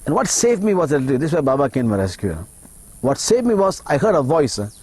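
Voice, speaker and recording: Husky-voiced man telling his story. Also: on the high side, big pitch swings, a little mellow, no room sound. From Malaysia. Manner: emotional, halting storytelling, acts out his own inner voice. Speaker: interview guest. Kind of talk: personal testimony in an interview.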